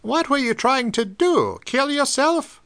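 A man's voice: expressive, a little slow, fairly bright tone, exaggerated voice. A man voicing an alarmed old druggist who scolds a girl in a pulp audiobook. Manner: exclaiming, high-strung.

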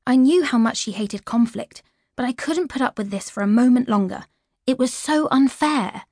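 A woman from the United Kingdom narrating a children's audiobook in a clear, lively storytelling manner. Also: a little high, brisk, no room sound, studio quality.

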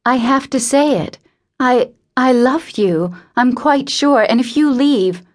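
A woman's voice: high voice, slow, voice pushed up. A woman voicing an earnest, impulsive young woman in love who stammers and pleads. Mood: pleading.

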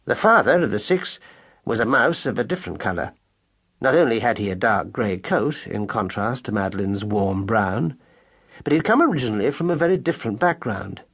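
A man narrating a children's audiobook in a measured, expressive storytelling manner, with a husky voice. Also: on the low side. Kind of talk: scripted narration.

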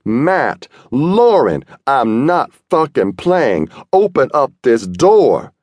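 A male audiobook narrator voicing a frantic, paranoid young woman who yells and accuses. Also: animated, slow, no room sound, clean studio sound. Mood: furious. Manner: loud, accusing, high-strung.

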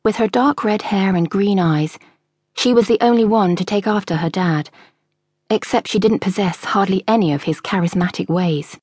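Audiobook narrator, woman, husky, measured, dry studio sound. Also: medium pitch, darkish tone, no echo. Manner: measured, storytelling.

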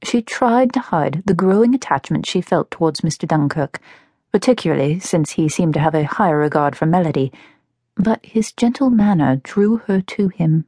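A woman reading her novel aloud as an audiobook narrator, telling the story in an expressive, measured way. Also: fairly low pitch, breathy edge, no room sound, clean studio sound. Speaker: author and narrator.

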